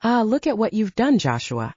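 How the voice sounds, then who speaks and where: A woman voicing a big, loud, jovial middle-aged Italian restaurant owner with an Italian accent, effusive and theatrical. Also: mid-range voice, sing-song, normal speed, breathy edge, no room sound, pitched above the performer's own voice. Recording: dull dry audiobook recording.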